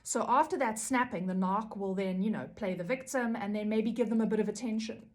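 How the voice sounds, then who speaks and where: A woman's voice: medium pitch, brisk, hardly any pauses. A woman talking casually to camera about codependency recovery, earnest and rambling, often checking in with "you know" and "right?". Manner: earnest, rambling, many fillers and "right?" tags.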